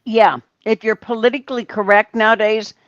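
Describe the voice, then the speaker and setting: An older woman from Ohio, chatting slowly and telling stories on a casual livestream, greeting viewers from the chat. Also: on the high side, fairly even intonation, no room sound, dull audio. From Ohio, USA. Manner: slow, chatty storytelling. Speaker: livestream co-host reading chat.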